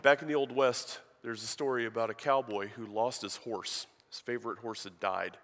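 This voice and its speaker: A man's voice: medium pitch, steady tone, moderate pace, a bit bright. A man giving a sermon as a guest preacher in a church, telling a joke and reading scripture in a conversational, storytelling manner. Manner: conversational, storytelling with acted voices. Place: church sanctuary. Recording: long reverb of a church hall.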